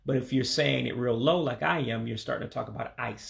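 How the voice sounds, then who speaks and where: A man from Michigan, casually walking through a vocabulary lesson and repeating each word slowly, with frequent ums and uhs. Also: mid-range voice, steady tone, gravelly. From Michigan, USA. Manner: repeats words slowly, hesitant with many fillers. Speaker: language learner teaching vocabulary.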